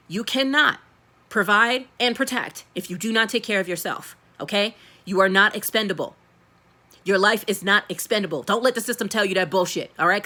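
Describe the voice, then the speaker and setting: A woman's voice: mid-range voice, pushed and bright. A woman tarot reader giving a blunt, profane and emphatic pep talk in a casual style.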